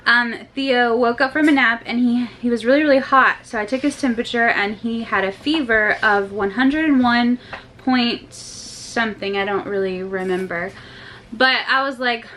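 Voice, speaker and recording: A woman's voice: a little high, moderate pace, a bit bright, slight background noise, rough recording. A young woman and mother talking casually to her viewers in a family vlog, chatty and full of loose asides. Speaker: vlogger and mother.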